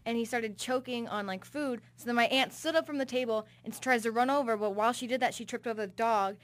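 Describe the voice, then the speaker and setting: A woman's voice: a little high, quick pace. A young woman telling a story in a casual radio chat, chatty and full of "like". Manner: chatty, uses "like" a lot. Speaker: show regular.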